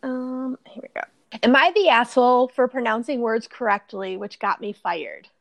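A woman co-hosting a chatty podcast, reading posts aloud in a lively way. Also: a little high, normal speed, vocal fry, no room sound.

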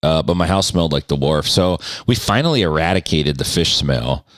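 Male podcast host with a deep voice and animated delivery, crude and self-mocking. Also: brisk, no room sound, clean studio sound. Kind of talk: casual podcast storytelling.

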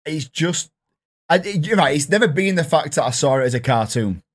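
A man's voice: fairly high pitch, lively intonation, brisk. A man chatting casually as a podcast co-host, hesitant and self-deprecating, often restarting his sentences. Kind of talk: casual chat.

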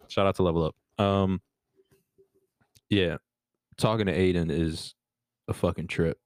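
A young man with a very deep voice chats easily on a podcast. He agrees often and repeats his lines for emphasis. The sound is dry and close. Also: fairly even intonation, a little slow, long pauses, no room sound. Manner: easygoing, affirming, repeats phrases, gives shout-outs. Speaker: podcast co-host. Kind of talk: casual chat.

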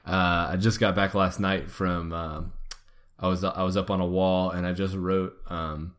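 A man's voice: low voice, level tone, measured pace, a bit bright. A young man hosting a comedy podcast, riffing and joking playfully with his co-hosts. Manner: goofy, laughing, playful riffing. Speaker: podcast host. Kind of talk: casual comedic podcast banter.

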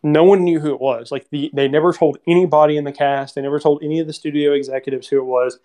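A podcast co-host in a casual film discussion who talks in an animated way and acts out lines from scenes. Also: medium pitch, quick pace.

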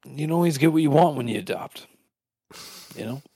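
A man co-hosting a podcast, pitching jokes in a halting way with fillers and laughter. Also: warm tone, slightly rough, no echo, studio quality. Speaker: podcast co-host. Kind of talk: casual comedic chat.

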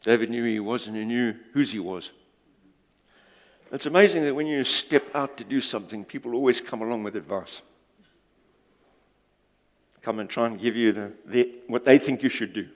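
A man preaching a sermon in a church, animated and jokey as he tells stories and talks with the congregation. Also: fairly low pitch. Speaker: pastor. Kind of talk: sermon with storytelling. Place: church hall. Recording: long reverb of a church hall.

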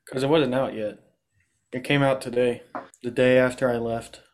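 A man's voice: medium pitch, fairly even intonation, normal speed. A man co-hosting a podcast in casual chat, easygoing and explaining things matter-of-factly. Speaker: podcast co-host.

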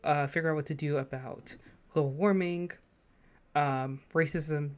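A woman's voice: deep voice, steady tone, unhurried, darkish tone. A woman hosting a casual solo podcast, chatty and slangy, laughing and throwing in rhetorical asides. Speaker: podcast host.

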